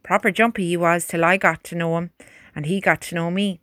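A woman voicing a gentle young male soldier who talks softly and coaxingly to a horse, in a dry recording. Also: lowish voice, steady tone, a little fast, no room sound, lightly acted. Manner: soft, coaxing.

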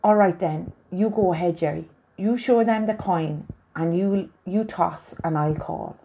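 A woman's voice: fairly low pitch, a little slow, mellow, breathy edge. A woman reading aloud, voicing a kindly, down-to-earth soldier with a chatty, earnest manner. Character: kindly Welsh soldier man, warm, down-to-earth.

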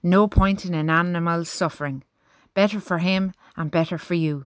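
A woman voicing a calm, commanding middle-aged army major. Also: high voice, clean tone, dry recording, clean studio sound, lightly acted. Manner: measured, commanding.

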